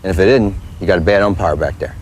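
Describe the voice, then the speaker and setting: A man's voice: deep voice, quick pace. A man coaching children on a baseball field, giving plain, repetitive instructions. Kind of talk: outdoor coaching demonstration. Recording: faint background noise from a 1980s tape.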